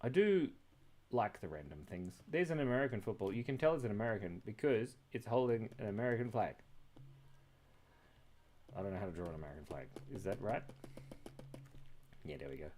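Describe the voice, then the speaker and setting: A man's voice: on the low side, lively intonation, a little fast, pauses often, a little mellow, slight background noise. Guy chatting on his drawing stream, jumps from one random thought to the next, voice bounces up and down a lot. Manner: rambling, playful, jumps between random thoughts; often breaks off mid-word and restarts. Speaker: live-stream drawing host. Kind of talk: casual live-stream chat while drawing. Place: indoors at his computer.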